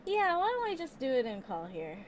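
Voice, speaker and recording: A woman's voice: sits high, wildly swooping pitch, fairly quick, slight background noise. A woman playing a tabletop game, describing her actions hesitantly with giggles. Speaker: player.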